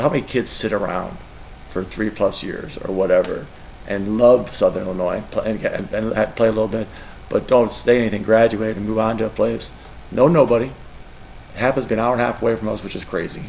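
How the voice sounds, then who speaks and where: A middle-aged man with a lowish, gravelly voice talks as a football coach at a press session. He rambles and gets emotional, and a faint room ambience sits behind him. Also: fairly even intonation, a little fast, darkish tone, slight background noise, low-quality recording. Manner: emotional, rambling, tearful at times. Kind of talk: press conference answers.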